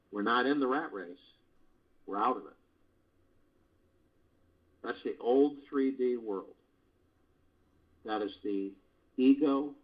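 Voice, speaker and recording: A man hosting a meditation call, giving spiritual teaching in a folksy, conversational way full of rhetorical questions. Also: fairly low pitch. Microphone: phone. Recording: dull lo-fi conference call line.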